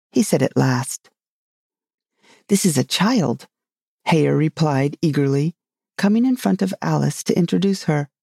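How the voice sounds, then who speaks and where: A narrator reading a storybook aloud in a steady, measured way. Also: mid-range voice, creaky, dry recording, clean studio sound.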